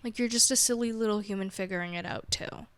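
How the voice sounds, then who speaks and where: A woman's voice: mid-range voice, fast, clear, resonant tone, no room sound. A woman hosting her own podcast, chatting casually in a rambling, self-mocking way and laughing often. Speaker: podcast host. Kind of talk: casual solo chat.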